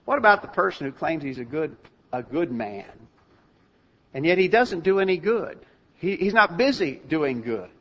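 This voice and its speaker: A man's voice: fairly high pitch, very animated, moderate pace. Older man preaching a sermon, muffled recording. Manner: earnest, conversational preaching with rhetorical questions.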